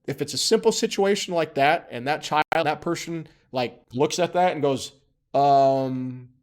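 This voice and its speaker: A man's voice: on the high side, moderate pace. A man giving a casual spoken lesson, emphatic and chatty, often checking in with "okay?" and dropping joking asides. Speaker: instructor.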